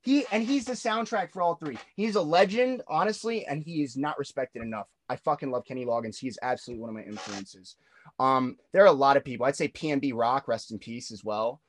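A man's voice: mid-range voice, fairly quick. A young man in his twenties, a musician guest in a casual interview, talking loosely with lots of swearing, fillers and restarts.

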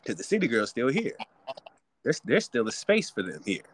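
A man's voice: medium pitch, sing-song, moderate pace. A man hosting a podcast alone, ranting theatrically about hip hop culture. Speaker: podcast host. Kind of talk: solo podcast rant.

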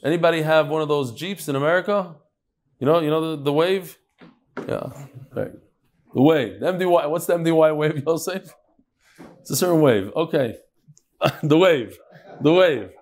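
A man with a slightly raised pitch, leading a religious study class before a live group. He reads listener notes aloud and comments on them in a loose, chatty way, mixing in Yiddish and Hebrew words. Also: animated, moderate pace, pauses often, a little mellow. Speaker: Talmud class teacher reading listener messages. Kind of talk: casual talk to a live class.

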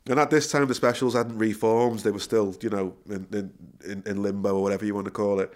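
A middle-aged man, a musician guest, telling a story in a casual interview, laughing and correcting himself as he goes. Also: fairly low pitch. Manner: animated storyteller, quick self-corrections, frequent laughter.

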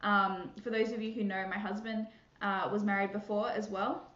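A woman's voice: medium pitch, little pitch movement, moderate pace, a bit bright. A woman hosting a casual Christian podcast, bubbly and chatty, laughing often and filling gaps with fillers and restarts. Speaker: podcast host. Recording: echoey room, muffled sound.

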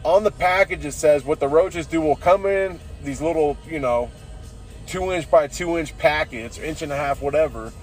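A slightly high-voiced man rambles through a podcast monologue after a few beers, tipsy and loose. He swears freely and drops "dude" into almost every sentence. Faint music sits behind him. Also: moderate pace. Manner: profane, says "dude" constantly. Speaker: podcast host.

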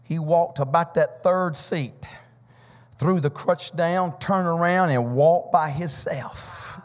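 Shouting Pentecostal preacher in a reverberant church. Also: male voice, fairly high pitch, takes it slowly. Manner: storytelling, builds to shouting, sing-song climaxes. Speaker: visiting preacher. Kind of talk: Pentecostal sermon testimony. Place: church sanctuary. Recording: church hall reverb with keyboard music.

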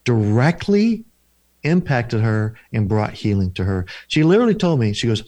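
A man's voice: lowish voice, sing-song, a little slow, darkish tone, no echo. A man, a deliverance minister and counselor, telling stories in an interview in an earnest, repetitive preaching cadence. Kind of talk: interview storytelling.

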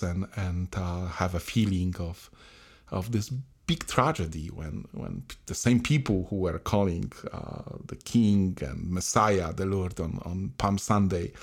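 Priest co-host, halting and hesitant, very low voice. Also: male voice, darkish tone. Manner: halting, many restarts and fillers. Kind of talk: conversational reflection.

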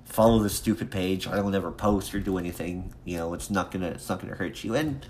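A young man hosting his own podcast, talking alone in a rambling, halting way with many restarts and fillers. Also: deep voice, a little mellow, a little hiss or hum. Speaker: podcast host. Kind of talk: casual solo podcast monologue.

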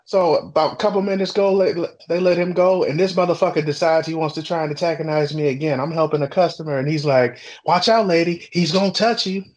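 A young adult man casually telling a workplace story on a podcast, swearing freely and talking with animated energy. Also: fairly high pitch, fast, few pauses, rough recording. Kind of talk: casual chat.

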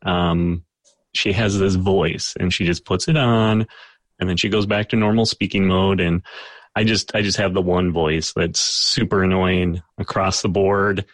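A man running a tabletop game podcast as game master, talking casually and haltingly with many fillers and self-deprecating asides. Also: low voice, steady tone, no echo.

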